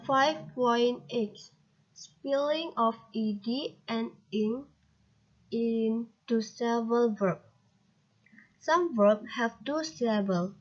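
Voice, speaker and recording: A young woman student with an Indonesian accent, reading a grammar lesson aloud in a halting way and spelling out letters. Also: fairly high pitch, highs cut off. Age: young adult. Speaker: student presenter.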